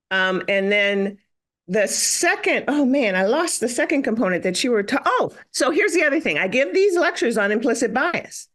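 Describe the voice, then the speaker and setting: A woman's voice: a little high, fairly bright tone. A middle-aged woman physician in a podcast conversation, telling stories with animation and acting out the exchanges she quotes.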